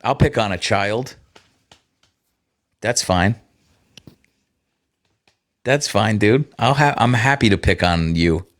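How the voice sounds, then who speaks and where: A man with a low, deep voice hosts a livestream and talks straight to his viewers. His chat is loose and casual, full of sarcasm and swearing. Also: lively intonation, slow pace, long pauses. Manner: sarcastic, profane banter with viewers. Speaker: livestream host.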